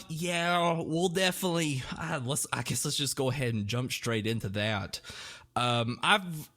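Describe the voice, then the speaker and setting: Animated male podcast host, high voice, playful and self-mocking. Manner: animated, jokey, self-deprecating. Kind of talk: casual movie review chat.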